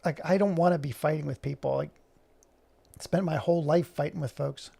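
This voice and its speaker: A man's voice: fairly high pitch, brisk, vocal fry, mellow, slightly rough. A man chatting casually in a rambling way, full of fillers, while working on animation. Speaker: animator and vlogger.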